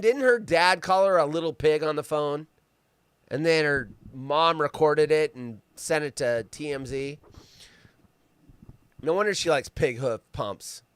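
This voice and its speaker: A man hosting a live show, mocking news stories with loud outbursts and a teasing manner. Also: a little high, clear, resonant tone, no echo, studio quality. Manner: mocking, animated, bursts into loud outcries. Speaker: host.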